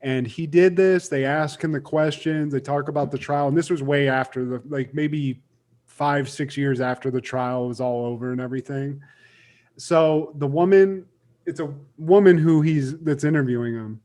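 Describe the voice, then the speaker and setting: A man's voice: a little high, moderate pace, darkish tone. A young man co-hosting a podcast, chatting casually and animatedly, swearing and acting out quotes as he tells a story. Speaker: podcast co-host.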